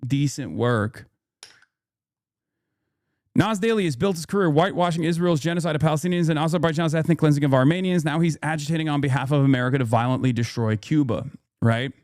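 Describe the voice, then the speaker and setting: A male streamer rants in loose, profane casual commentary, circling back over his points. His voice sits a little high for a man. The sound is close and dry. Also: fairly quick, a little mellow, no echo. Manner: profane, rambling, indignant.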